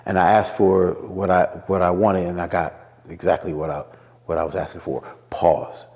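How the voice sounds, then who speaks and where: Man from Philadelphia, radio personality guest, animated storyteller, slight reverb. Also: low-pitched, moderate pace. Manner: animated storyteller acting out quotes in a raised voice. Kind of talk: casual interview storytelling.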